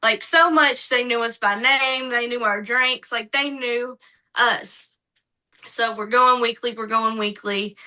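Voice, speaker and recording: A woman's voice: a little high, poor audio. A woman guest on a podcast telling stories casually and animatedly, acting out what other people said. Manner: lively, acts out other people's lines in her retelling. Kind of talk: casual storytelling.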